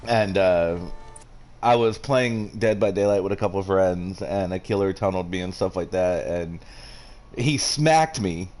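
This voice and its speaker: A man with a drawl chats while streaming a game. His voice sits a little low, and he rambles from story to story, swearing freely along the way. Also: a little slow, darkish tone, soft background music. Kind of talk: casual chat while gaming.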